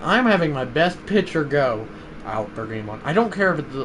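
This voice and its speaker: An excitable young man livestreaming a ball game, his fairly high voice leaping around as he shouts at big plays and then drops to a mutter. Faint room noise sits under his talk. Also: moderate pace. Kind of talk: live gameplay commentary.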